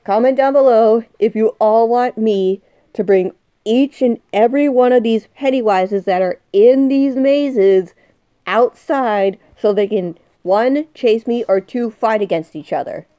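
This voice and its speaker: A woman's voice: on the high side, measured pace, dark tone, clear, resonant tone, no echo, clean studio sound. A woman in her twenties commenting on a game she is playing, jumpy and swinging from muttering to shrieking. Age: 20s. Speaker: gaming youtuber. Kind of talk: excited let's-play commentary.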